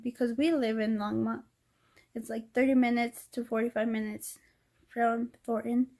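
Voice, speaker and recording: A woman vlogger recounts a personal story with deep feeling, teary at the edges. Her voice is gravelly and mellow, and it moves in a narrow, even pitch band. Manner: emotional, heartfelt retelling.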